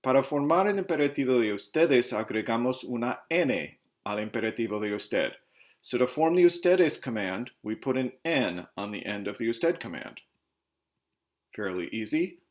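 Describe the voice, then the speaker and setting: A Spanish teacher with a lowish male voice records a slide lesson, explaining verb endings and spelling out stems letter by letter. He moves back and forth between Spanish and English.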